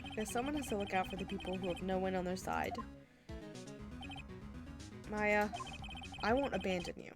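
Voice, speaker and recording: A woman's voice: medium pitch, normal speed, long pauses, lightly acted. A woman reading the lines of an earnest, determined young male defense lawyer, with video game music playing behind.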